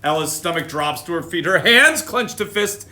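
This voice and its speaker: A man reading picture books aloud on a live stream, with animated, chatty asides. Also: high voice, normal speed. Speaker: storytime reader.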